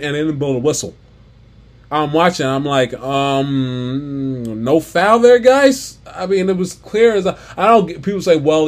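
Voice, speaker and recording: A man ranting off the cuff about a basketball game, exasperated and stumbling over restarts and repeats. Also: fairly high pitch. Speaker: sports commentator. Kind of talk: unscripted basketball rant.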